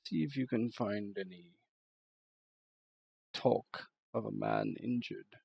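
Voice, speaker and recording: A man's voice: on the low side, slow, gravelly, darkish tone, breathy edge, heavily acted. A man voicing a cautious, brotherly male camp warrior who speaks in formal, old-fashioned phrasing.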